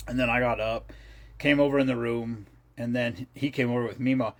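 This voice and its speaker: A man's voice: mid-range voice, steady tone, fairly quick. A middle-aged man hosting a casual livestream, telling rambling stories in a loose, profane way. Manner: rambling, profane storytelling with laughs. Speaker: livestream host.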